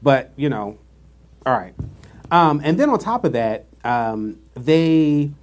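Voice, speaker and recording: A man's voice: fairly high pitch, big pitch swings, takes it slowly. A man co-hosting a casual live-streamed chat show, telling a workplace story with sassy asides. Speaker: podcast co-host.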